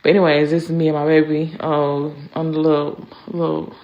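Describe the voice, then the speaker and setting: A middle-aged woman with a low voice that has a gravelly fry running through it. She narrates her own vlog in a loose, chatty way, drawing out words and circling back with "anyways" every few sentences. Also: level tone, a little fast, highs cut off. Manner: chatty, drawling, repeats "y'all" and "anyways". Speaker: vlogger. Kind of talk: casual vlog voice-over.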